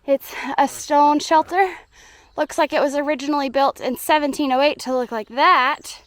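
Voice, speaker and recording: A woman's voice: high-pitched, steady tone, normal speed, no echo. A young woman with a Southern US accent, chatting cheerfully to camera while walking a hiking trail outdoors and laughing often. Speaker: hiking vlogger. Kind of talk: casual hiking vlog narration.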